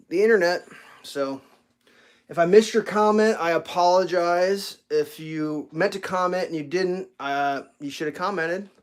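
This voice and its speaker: A man hosting a casual home livestream, telling rambling stories and talking to his cat. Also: a little high. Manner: rambling storyteller, stammers on restarts; baby talk with his cat. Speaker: livestream host. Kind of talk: casual chat.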